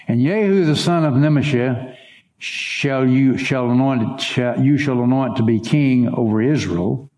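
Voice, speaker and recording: A pastor with a slightly mellow voice speaks at a measured pace, the sound reverberant. He reads scripture dramatically with wide swings in pitch, turning aside now and then to address his congregation.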